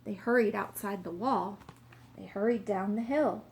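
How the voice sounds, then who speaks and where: A woman narrating a children's story, reading aloud in a plain, measured way. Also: medium pitch, creaky, slight background noise.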